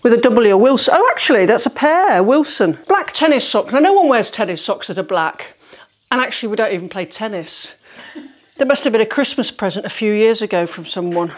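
A middle-aged woman talks her way through a declutter vlog in her bedroom, her voice high and full of swooping ups and downs. She is chatty and exclamatory, and she pokes fun at herself as she goes. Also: very animated, brisk. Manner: chatty, exclamatory, self-mocking. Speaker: home organising vlogger. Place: bedroom, sorting socks on a bed.

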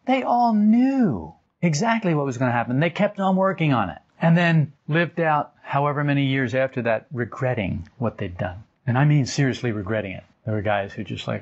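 An older man giving an informal spiritual talk as a teacher, telling stories and acting out quotes with his voice jumping higher. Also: normal speed, few pauses. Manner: animated storytelling, acts out quotes with rising pitch. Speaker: esoteric teacher. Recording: dull lo-fi recording.

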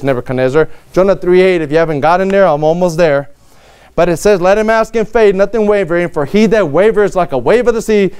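A man's voice: sits high, a little mellow, smooth. A man preaching a sermon in a church, earnest, reading scripture aloud with rising emphasis.

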